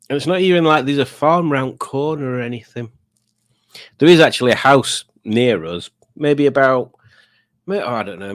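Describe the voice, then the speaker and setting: A middle-aged man chatting on a home live stream, rambling and poking fun at himself. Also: lowish voice. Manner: rambling, chatty and self-mocking. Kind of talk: casual live stream chat.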